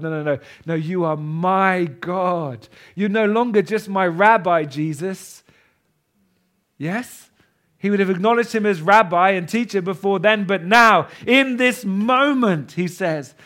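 In church, a man preaches a passionate sermon to his congregation, shifting between loud declarations and hushed asides. His voice is high and his delivery unhurried.

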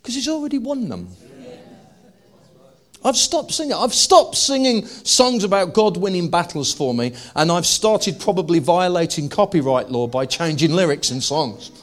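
Animated, joking high-voiced male preacher. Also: normal speed, few pauses. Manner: animated and joking, building to loud emphatic declarations. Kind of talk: humorous sermon to a live congregation.

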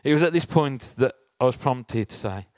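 A man's voice: medium pitch, lively intonation, moderate pace, a little mellow, no room sound. Man preaching in a chatty tone. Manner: chatty, asks the audience rhetorical questions. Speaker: church speaker. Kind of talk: conversational sermon with personal story.

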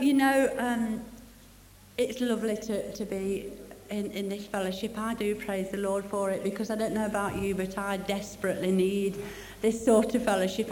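A woman's voice: mid-range voice, darkish tone, a little hiss or hum. A woman giving an emotional personal testimony at a church meeting, talking in a heartfelt, chatty way. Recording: echoey hall with long reverb.

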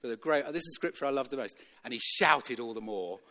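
A man's voice: mid-range voice, lively intonation, a little fast, pushed and bright. A man preaching a sermon in a church, emphatic and repetitive, chuckling now and then between points. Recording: long reverb of a church hall.

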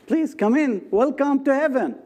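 A man's voice: very high-pitched, animated, moderate pace, a little mellow, pitched above the performer's own voice. A man voicing the angel Gabriel as a firm gatekeeper of heaven in a told joke.

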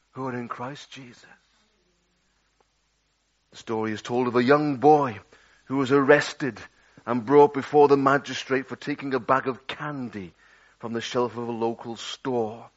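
A man preaching a sermon, swinging dramatically between loud outbursts and hushed, low passages. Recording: dull lo-fi audio.

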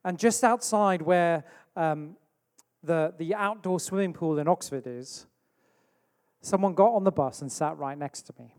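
A man's voice: on the high side, measured pace, darkish tone. A man from England preaching a sermon, telling a story with acted-out asides. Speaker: pastor. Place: church hall. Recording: long hall reverb.

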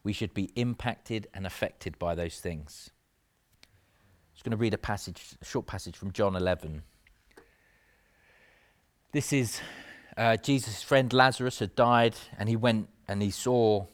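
A man's voice: on the low side, measured pace. A man preaching a sermon in an earnest, conversational way, with self-mocking asides.

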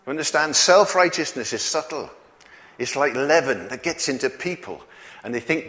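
A man's voice: fairly high pitch, expressive, normal speed, fairly bright tone. A man preaching a sermon in a folksy way, chuckling often and asking the congregation questions. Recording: long hall reverb.

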